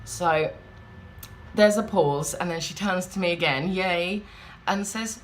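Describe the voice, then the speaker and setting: A woman's voice: on the low side, slow pace, slight background noise. A woman chatting in a rambling, wry way, vlogging from a hotel room. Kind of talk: casual vlog chat.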